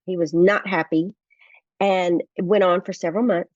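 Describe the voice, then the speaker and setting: A woman's voice: lowish voice, fairly even intonation, moderate pace, a little mellow, no room sound, dull audio. A middle-aged woman, a guest author, telling family stories in earnest in a podcast interview and acting out the dialogue.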